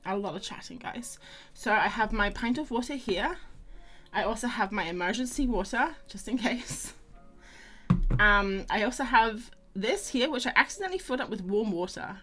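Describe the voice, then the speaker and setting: A woman's voice: a little high, expressive, normal speed, a bit bright. A young woman hosting a casual drawing livestream, chatting and rambling to viewers and greeting them by name. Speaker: livestream host. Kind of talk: casual chat while drawing.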